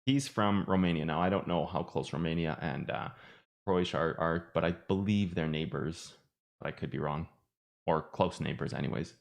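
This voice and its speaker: A man's voice: low-pitched, moderate pace, creaky. A man with an Irish accent giving chatty, rambling live commentary on trading charts, joking at himself as he goes. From Ireland. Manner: chatty, rambling, self-mocking. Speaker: trading streamer.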